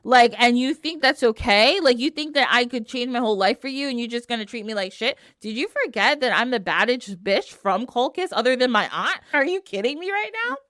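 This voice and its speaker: A fierce, scorned sorceress, as a woman puts her on, talking back in sharp, sassy slang. The recording is close and dry, with no room sound. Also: a little high, animated, brisk, few pauses, no echo. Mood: defiant. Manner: sassy, cutting modern slang.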